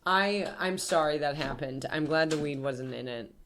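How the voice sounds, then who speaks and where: A woman's voice: sits low, moderate pace, fairly bright tone, slight background noise. Female co-host, teasing and easily amused, casual podcast chat.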